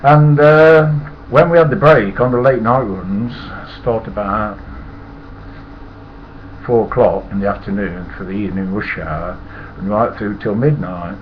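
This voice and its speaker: A man's voice: on the low side, fairly even intonation, measured pace. Older Nottingham man, chuckling anecdotes. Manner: rambling, chuckles, swears freely. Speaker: storyteller. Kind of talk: casual anecdote telling. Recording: muffled lo-fi with loud hiss.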